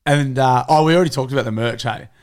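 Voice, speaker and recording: A young man co-hosting a podcast, talking in a rambling, excitable way full of fillers. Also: mid-range voice, fast. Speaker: podcast co-host. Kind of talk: casual chat.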